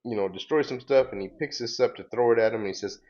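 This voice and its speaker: A man's voice: mid-range voice, fast talker, highs cut off. Laid-back man recapping a comic. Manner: relaxed, rambling with fillers and laughs. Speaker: comic book reader, host. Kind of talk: casual comic book recap.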